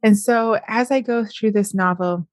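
A woman's voice: mid-range voice, unhurried, dry recording, studio quality. A middle-aged woman, chatting on her podcast in a casual, upbeat way and often smiling as she talks. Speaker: podcast host and novelist. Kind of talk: casual solo podcast chat.

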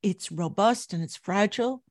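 A middle-aged woman recounting memories as an interview guest, telling her story vividly and growing animated at its high points. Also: moderate pace, no echo, studio quality.

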